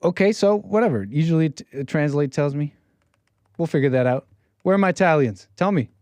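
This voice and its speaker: A man's voice: fairly high pitch, lively intonation, brisk, a little mellow, no room sound. A man hosting a call-in livestream show, talking in a brash, rambling way with playful catchphrases. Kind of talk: casual livestream monologue.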